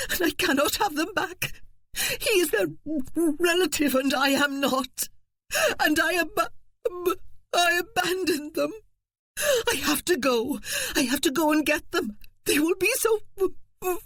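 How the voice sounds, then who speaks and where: A terrified young noblewoman stammers and wails in a high, strained voice that sits far above the narration. The reading is dry and close, with no room around it. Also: animated, unhurried, a bit bright, no room sound, exaggerated voice. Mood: panicked. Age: young adult. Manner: stammering, panicked, wailing.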